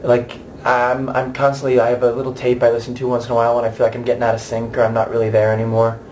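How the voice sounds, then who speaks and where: A man's voice: mid-range voice, completely flat delivery, fast, darkish tone, a little hiss or hum. An American man in his thirties, an actor giving a candid, chatty interview with many restarts and asides. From United States.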